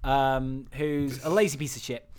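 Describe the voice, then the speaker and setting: A man's voice: medium pitch, steady tone, unhurried, darkish tone, smooth. A young man co-hosting a casual film chat, rambling with lots of restarts and frequent laughter. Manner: rambling, laughs often, many restarts and fillers. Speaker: podcast co-host.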